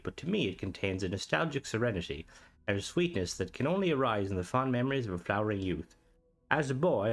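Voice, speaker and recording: A man's voice: fairly low pitch, lightly acted. A man doing a put-on accent to read aloud a story told by a grown man recalling a dreamlike boyhood. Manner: put-on storytelling accent, slow dramatic reading. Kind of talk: dramatic reading of a story.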